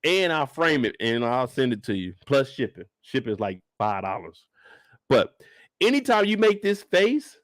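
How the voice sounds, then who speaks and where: A man hosting a live after-show stream, reacting to a TV episode in animated, joking, casual commentary aimed straight at his viewers. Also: high voice, no room sound, studio quality. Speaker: host reviewing a TV episode.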